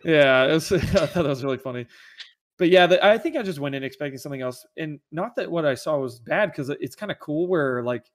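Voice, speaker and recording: Casual movie-chat podcast guy, rambles on, kinda high voice. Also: lively intonation, brisk. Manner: rambling, enthusiastic, many restarts. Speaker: podcast co-host.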